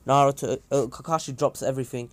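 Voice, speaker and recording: A man's voice: medium pitch, level tone, fast talker. A man casually improvising a fan story, rambling with many fillers and asides. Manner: rambling, full of "uh" and "anywho".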